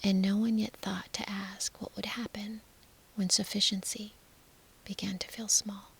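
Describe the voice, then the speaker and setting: Whispering, gravelly sleep-story narrator woman. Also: medium pitch, flat delivery. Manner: slow, hushed, soothing whisper.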